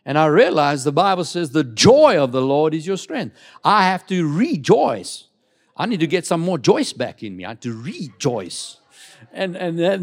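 Male pastor, middle-aged, lively sermon delivery with call-and-response, animated and slightly high-pitched. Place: church.

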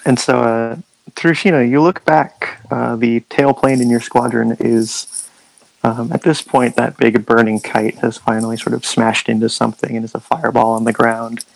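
A man narrating as game master of a tabletop war game, relaxed and halting. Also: medium pitch, creaky, no echo, low-quality recording.

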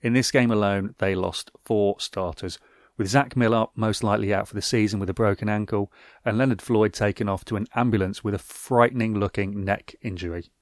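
A man's voice: fairly low pitch, steady tone, brisk, dry recording. Dry-voiced man recapping football. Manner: wry, dry asides. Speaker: podcast host. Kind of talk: scripted sports recap.

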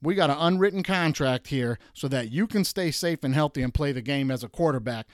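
A man from Detroit hosting a sports show, ranting with exasperated emphasis and jumping up high when he mocks. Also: brisk, few pauses, dry recording, clean studio sound. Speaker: podcast host. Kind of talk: animated sports rant.

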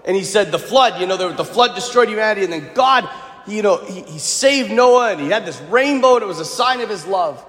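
A man, seemingly a priest, giving a joking, animated homily and often clearing his throat. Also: high-pitched, fairly quick. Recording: echoey hall with long reverb.

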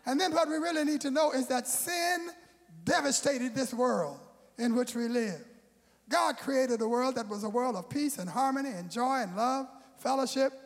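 A man's voice: very high-pitched, in a large hall. A man preaching a sermon as pastor, calling out to the congregation and asking if they are still with him. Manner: preaching with call-and-response to the congregation.

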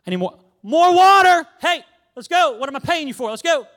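A man's voice: very high-pitched, big pitch swings, very fast, a bit bright, voice pushed up, exaggerated voice. A man playing a confident prophet who orders his helpers around in an acted sermon skit, brash and teasing. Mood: bossy, confident.

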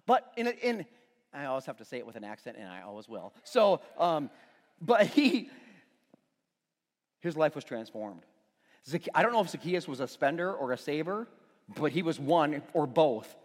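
A man's voice: on the high side, normal speed, pauses often. A man preaching a sermon in a church, talking conversationally and joking with the congregation. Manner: animated, conversational preaching with playful asides to the congregation. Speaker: pastor. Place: church sanctuary. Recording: long reverb in a big room.

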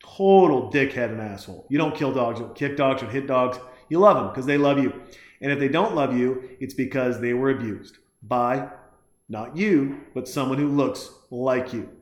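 Brief: mid-pitched man, crude and sarcastic, rambling movie commentary, roomy sound. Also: moderate pace. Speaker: movie reaction host. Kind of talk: casual ranting movie commentary.

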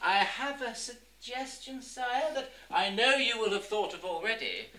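A man's voice: extremely high pitch, lively intonation, measured pace, pushed and bright, echoey room, distant mic, full character voice. A man doing a grovelling, scheming royal advisor. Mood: wheedling, scheming. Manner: obsequious, grovelling, giggly.

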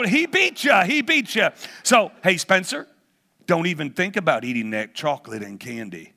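A man's voice: extremely high pitch, animated, moderate pace, creaky, bright, forceful tone. A man in his sixties, a guest preacher leading a playful children's talk in a church, teasing the audience like a game-show host. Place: church hall.

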